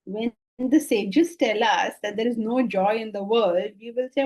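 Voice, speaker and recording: A woman's voice: fairly high pitch, a little slow, hardly any pauses, darkish tone. A middle-aged woman, giving a spiritual discourse to a class, speaking conversationally and acting out people's replies. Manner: conversational, acts out quoted replies, laughs often. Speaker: Vedanta teacher. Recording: dull lo-fi class recording.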